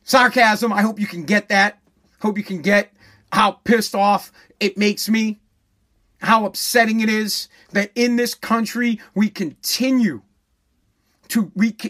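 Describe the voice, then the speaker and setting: A man's voice: sits high, a bit bright. A man ranting in a profane, sarcastic, indignant way. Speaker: ranter. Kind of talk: profane comedic rant.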